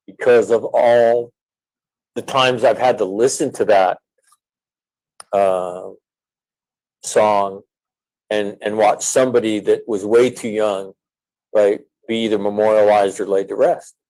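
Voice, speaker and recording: A middle-aged man, a former Marine, talking in an earnest, measured way with frequent fillers as an interview guest. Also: lowish voice, steady tone, darkish tone, rough recording. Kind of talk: reflective interview talk.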